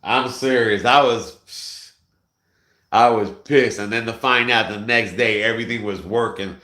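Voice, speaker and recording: Animated man telling a story, bright voice. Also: lowish voice, unhurried, roomy sound. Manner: animated, swearing, bursts into shouting and laughter while retelling. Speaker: vlogger. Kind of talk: casual storytelling chat.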